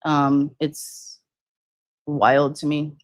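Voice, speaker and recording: A woman's voice: sits low, little pitch movement, drawn-out words, no room sound. Rambling woman hosting a crime livestream. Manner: rambling, many fillers and restarts, reads viewer comments. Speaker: livestream host. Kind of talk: casual true-crime livestream chat.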